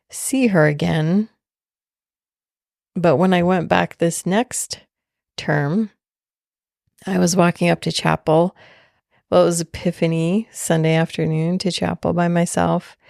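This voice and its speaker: A woman podcast host telling a personal story in a slow, heartfelt, soft-spoken way. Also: fairly low pitch, creaky, dry recording, clean studio sound.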